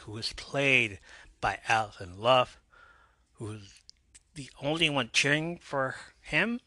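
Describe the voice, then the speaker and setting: A man's voice: mid-range voice, sharp tone, dry recording. Chatty man recapping a TV episode. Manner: chatty, with wry asides. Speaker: podcast host.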